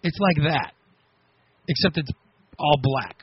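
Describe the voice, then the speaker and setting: A man hosting a radio show, telling a story on air in a casual, animated, self-mocking way with frequent laughs. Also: fairly high pitch, slow pace, muffled recording, slight background noise. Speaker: radio host.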